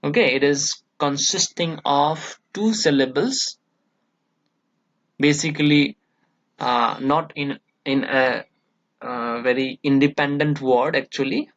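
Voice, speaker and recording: Slow Indian English lecturer, dull recording. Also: male voice, on the high side, fairly bright tone. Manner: slow, deliberate, with frequent "uh" and "okay", repeating example words for stress. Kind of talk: classroom lecture.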